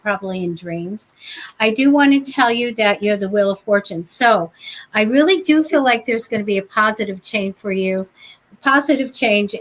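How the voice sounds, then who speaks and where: A woman with a fairly high voice, giving a live psychic reading. She talks in an upbeat, flowing way and sounds reassuring as she goes. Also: fairly bright tone, rough recording. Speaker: psychic reader, co-host.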